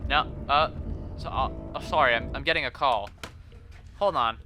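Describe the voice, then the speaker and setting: A man's voice: medium pitch, moderate pace, pushed and bright, a little hiss or hum. A young man hosting an improvised game commentary, rambling in a silly way, sometimes in a mock announcer voice. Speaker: gaming video host.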